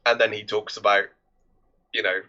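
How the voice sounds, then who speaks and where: A man's voice: on the low side, little pitch movement, normal speed, bright, forceful tone. A man co-hosting a podcast, casually retelling film scenes and quoting the characters, with lots of restarts. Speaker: podcast co-host. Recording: dull lo-fi podcast audio.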